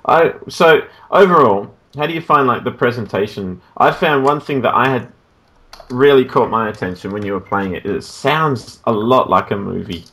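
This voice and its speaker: A man's voice: mid-range voice, lively intonation, moderate pace, fairly bright tone. A man co-hosting a casual gaming podcast, mostly adding short, wry remarks. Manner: brief interjections and wry remarks. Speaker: podcast co-host.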